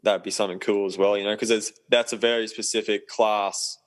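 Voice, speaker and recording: Recorded in low quality, a young professional sailor appearing on a podcast speaks in a fairly low, level voice at a brisk pace. He's easygoing and rambling, with lots of ums.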